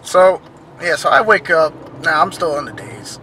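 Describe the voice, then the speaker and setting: A man tells a late-night story to his camera from inside a car, his voice bright and a little high. He is animated and acts out each line of dialogue he quotes, over a faint hum of road noise. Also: moderate pace. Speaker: vlogger. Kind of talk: casual storytelling.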